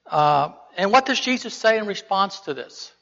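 High-voiced man teaching scripture in a hall. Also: expressive, moderate pace, creaky, fairly bright tone. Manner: conversational, asks rhetorical questions. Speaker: preacher. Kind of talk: Bible teaching. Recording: dull reverberant hall recording.

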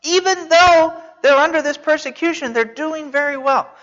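High-voiced man preaching in a hall. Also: moderate pace, fairly bright tone. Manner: conversational, asks listeners questions, some restarts. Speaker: pastor. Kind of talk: Bible teaching sermon. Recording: dull sound in a reverberant hall.

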